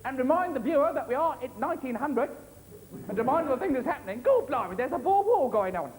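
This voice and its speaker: A man's voice: very high-pitched, very animated, fast. A man playing a cheerful, simple-minded old-time male servant, talking chirpily and eagerly. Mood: chirpy. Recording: noisy old TV tape in a reverberant studio.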